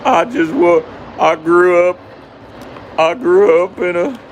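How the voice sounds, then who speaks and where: A man's voice: high voice, slow, a little hiss or hum, voice pushed up, rough recording. A man voicing a nervous, earnest young male caller, stammering as he thanks the host.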